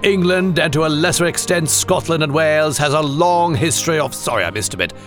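A man voicing a jingoistic, pompous British announcer who speaks grandly and slowly. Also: fairly high pitch, soft background music, close to an everyday voice. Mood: grandiose. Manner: grandiose, slow and stately.

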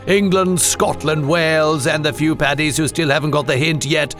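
A man voicing a jingoistic, pompous British announcer who speaks grandly and slowly. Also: a little high, fairly even intonation, music in the background, natural voice. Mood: grandiose. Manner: grandiose, slow and stately.

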